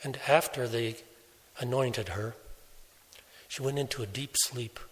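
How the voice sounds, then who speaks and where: Slow-preaching man in a reverberant hall. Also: mid-range voice. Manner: slow, deliberate storytelling with soft quoted voices. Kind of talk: sermon.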